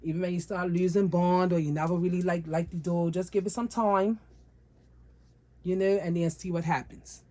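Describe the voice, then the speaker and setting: A woman's voice: lowish voice, fairly even intonation, moderate pace, dark tone. A woman vlogger talking casually to her viewers about her doll collection, repeating phrases for emphasis and calling them guys.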